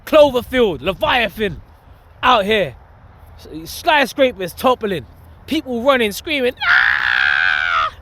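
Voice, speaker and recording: Out on a walk through greenery, this street-preaching vlogger delivers casual, emphatic preaching full of slang and frequent laughter. He has a very high, a bit bright voice with an unhurried, sing-song delivery, and there's slight background noise.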